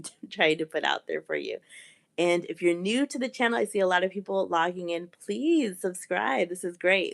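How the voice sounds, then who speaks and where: A woman with a sore throat giving a live-stream coaching talk, earnest and repeating her key points. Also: fairly low pitch. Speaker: communication coach.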